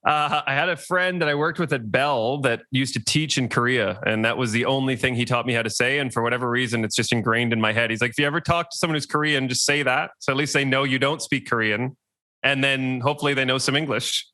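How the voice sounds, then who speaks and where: A man co-hosting a casual podcast chat, telling a story with easy laughter. His voice is bright and forward. The sound is dry and close. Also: medium pitch, quick pace, dry recording. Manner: chatty storyteller, laughs easily. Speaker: podcast co-host.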